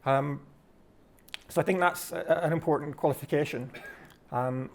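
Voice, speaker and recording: A man's voice: a little high, normal speed, gravelly. A Scottish man from Scotland giving a reflective, lecturing talk, often restarting his phrases. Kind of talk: delivered talk.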